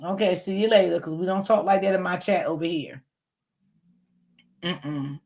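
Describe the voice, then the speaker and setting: A woman's voice: fairly low pitch, normal speed, darkish tone. A woman hosting a casual livestream, chatting to her viewers in a repetitive, talkative way. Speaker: livestream host.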